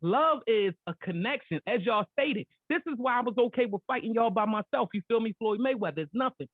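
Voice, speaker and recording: A man's voice: extremely high pitch, expressive, a little fast, no room sound. A man hosting a podcast, arguing in a heated casual debate, profane and talking over others. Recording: tinny phone-like sound, dry.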